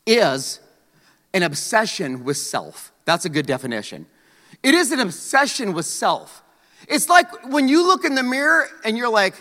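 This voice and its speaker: Animated, joking male preacher. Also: extremely high pitch, big-room sound. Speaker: pastor. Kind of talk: sermon.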